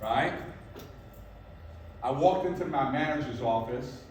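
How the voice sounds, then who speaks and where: A man's voice: mid-range voice, measured pace, pauses often, darkish tone, slight background noise. A man in his fifties giving a motivational talk, emphatic and repeating his points, often asking "right?". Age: 50s. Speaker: motivational speaker. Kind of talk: motivational talk to a live audience. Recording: echoey room from far off, faint background ambience.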